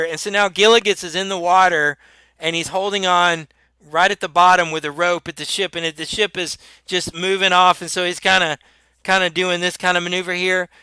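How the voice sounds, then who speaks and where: A man running a tabletop game as game master, narrating in a halting way with lots of restarts. His voice is slightly high, bright and smooth. It is recorded close and dry. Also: steady tone, no echo. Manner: halting, many restarts, chuckling.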